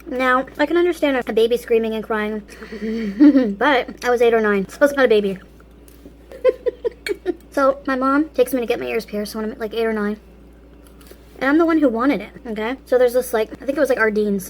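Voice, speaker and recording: A woman's voice: a little high, a little fast. A woman hosting a casual vlog, telling a story while eating and laughing often between phrases. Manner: eats and talks with food in mouth. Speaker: vlog host.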